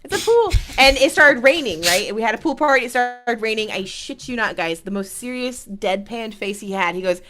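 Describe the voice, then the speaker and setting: A woman chatting on a podcast, telling stories in an expressive, giggly way. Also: fairly high pitch, a little fast, few pauses. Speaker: co-host. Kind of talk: casual podcast chat.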